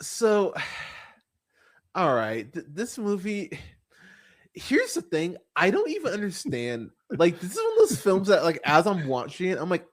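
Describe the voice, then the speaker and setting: Guy hosting a movie podcast, ranting and cussing, laughs a lot, voice jumps up when he's fed up. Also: unhurried. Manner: exasperated, profane, laughs often, animated pitch jumps. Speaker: podcast host. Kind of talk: casual ranting film review.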